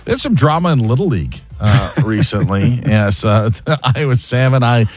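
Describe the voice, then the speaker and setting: A man's voice: medium pitch, animated, moderate pace. A man hosting a sports talk show, asking guests leading questions in a conversational way. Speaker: sports radio host.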